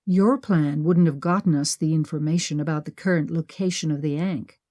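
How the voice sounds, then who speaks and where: A woman's voice: low voice, normal speed, dark tone, no echo. A woman reading the part of a teasing, wry male adventurer in an audiobook, with a dry manner.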